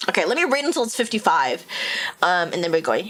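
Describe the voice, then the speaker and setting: A woman's voice: lowish voice, very animated, a bit bright. A woman streamer chatting casually with her viewers while playing a game, giggly and rambling. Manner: giggly, rambling, quick restarts. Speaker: streamer and VTuber. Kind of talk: casual live-stream chat.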